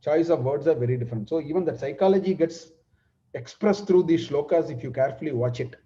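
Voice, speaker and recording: A man's voice: a little high, mellow. Man teaching scripture verses. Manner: unhurried, explains Sanskrit verses word by word with many restarts. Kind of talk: explanatory scripture class. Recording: dull lo-fi recording.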